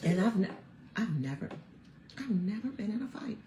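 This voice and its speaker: A woman in her fifties, hosting a vlog from home and chatting to viewers in a chatty, animated storytelling way. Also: mid-range voice, normal speed, background noise. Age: 50s. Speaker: vlog host. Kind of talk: casual chat to viewers. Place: at home, snowed in. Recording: roomy echo.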